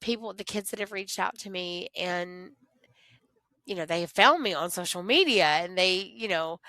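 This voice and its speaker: A woman's voice: lowish voice, normal speed, no room sound. Earnest woman teacher, dry sound. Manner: earnest, animated storytelling, acts out voices of kids. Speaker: teacher, podcast guest. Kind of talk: casual interview chat.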